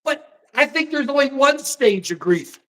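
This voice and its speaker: A man's voice: extremely high pitch, expressive, measured pace, sharp tone. American man, livestream host, casual rambling political chat, folksy slang. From United States.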